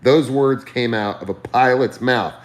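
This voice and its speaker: A man on a live stream telling a comedic story, animated, ranting and swearing freely. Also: mid-range voice, unhurried, reverberant.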